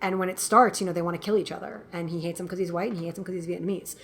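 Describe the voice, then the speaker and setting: A woman guest filmmaker talking in a casual interview, animated and quick to laugh, acting out what people said. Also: fairly low pitch, vocal fry, slight background noise. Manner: animated storyteller, laughs often, acts out quotes.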